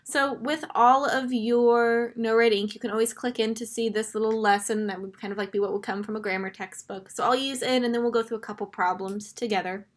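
A woman's voice: fairly high pitch, steady tone, brisk, few pauses. A woman teaching a grammar lesson, patiently walking through each step over a screen recording.

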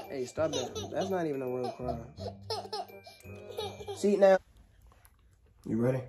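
A woman's voice: extremely low pitch, animated, measured pace, pauses often, mellow, faint music behind. A woman talking in a casual home vlog, slangy, joking and rambling. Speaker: vlogger.

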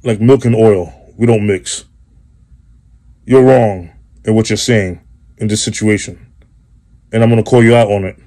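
Male host, comic monologue, mellow tone, swears a lot, rambles and repeats. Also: fairly low pitch, fairly even intonation, unhurried, pauses often. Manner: profane, rambling, repetitive. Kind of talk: comedic monologue.

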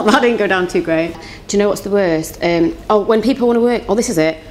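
A woman's voice: medium pitch, slight background noise. Chatty young woman with a London accent. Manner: chatty, giggly, quick-talking. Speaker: singer and songwriter, interview guest. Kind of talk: casual interview chat.

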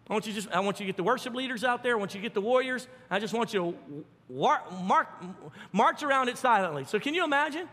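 A male pastor preaching a sermon with animated, folksy storytelling and fervent emphasis. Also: very high voice, quick pace, in a large hall.

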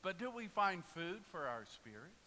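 Very animated and high-pitched, this pastor preaches at normal speed with a bright, forceful tone, telling humorous stories and joking with his congregation. The church sanctuary recording is reverberant, with faint hiss.

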